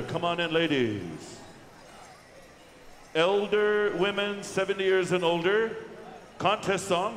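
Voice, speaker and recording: A man working as pow wow announcer, calling out names slowly and drawing them out over a microphone in a large indoor arena. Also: high voice. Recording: echoey arena PA from far off.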